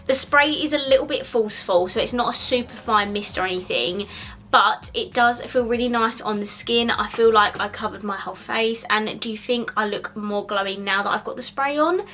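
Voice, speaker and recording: A woman's voice: fairly high pitch, moderate pace, pushed and bright, a little hiss or hum. A young woman reviewing makeup in a chatty, gushing way, full of "like" and "um". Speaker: beauty vlogger. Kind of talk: casual product review.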